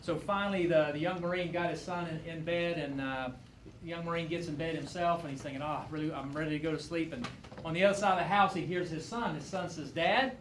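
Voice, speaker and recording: A man's voice: a little high, fairly even intonation, fast, slight background noise. A man speaking as a guest speaker at a veterans event, telling a story and then speaking earnestly. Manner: earnest, folksy. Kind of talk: public speech with storytelling. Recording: echoey room with faint ambience.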